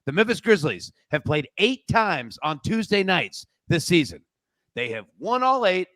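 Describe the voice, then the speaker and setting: A man shares a couple of betting picks in a loose, joking, chatty way, as if talking to friends. His voice sits slightly high for a man. The recording is dry and close. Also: sing-song, a little slow, a bit bright, no echo. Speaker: show producer giving a pick. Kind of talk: casual sports betting pick.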